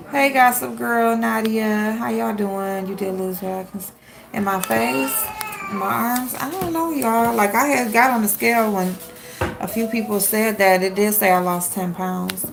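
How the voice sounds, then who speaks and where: A woman's voice: on the high side, unhurried, creaky, noisy background. A woman hosting a casual livestream from home, talking straight to her viewers in a blunt, chatty way. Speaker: livestream host. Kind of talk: casual live-stream chat with viewers.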